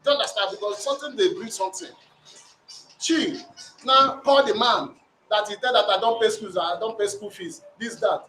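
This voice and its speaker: A man with a Nigerian accent recounting a domestic dispute as a complainant, in a rambling, repetitive, animated way. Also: high voice, moderate pace, slight background noise. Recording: roomy sound from a distant mic.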